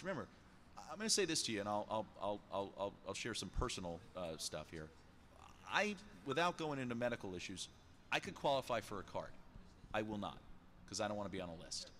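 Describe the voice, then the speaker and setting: Guy on a podcast, lively up-and-down voice, bright, bit of hiss behind. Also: mid-range voice. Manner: animated, repeats words when emphatic. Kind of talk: podcast conversation.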